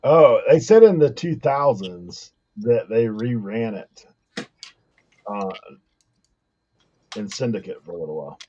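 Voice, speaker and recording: A man's voice: on the low side, very animated, a little slow, pauses often, a little mellow, slightly rough. A man in a casual group chat, giving facts in a matter-of-fact way, heard over a dull lo-fi line. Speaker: co-host.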